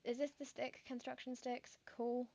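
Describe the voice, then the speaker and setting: A woman's voice: high-pitched, flat delivery, moderate pace, gravelly, warm tone, slight background noise. A woman, chatting casually and thinking aloud while streaming a game, with lots of fillers and rambling asides. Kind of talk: casual gameplay commentary.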